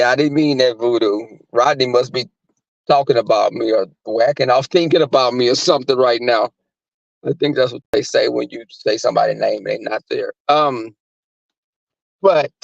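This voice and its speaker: A man's voice: medium pitch, moderate pace, creaky, no echo. A man hosting a livestream, talking crudely and rambling in casual chat, often laughing. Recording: dry muffled recording.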